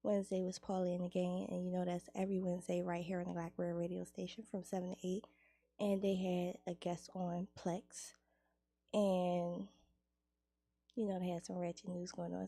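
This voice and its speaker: A woman hosting a radio show in a studio, chatting casually, laughing and reeling off plugs and shout-outs. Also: fairly low pitch, little pitch movement, normal speed, no room sound.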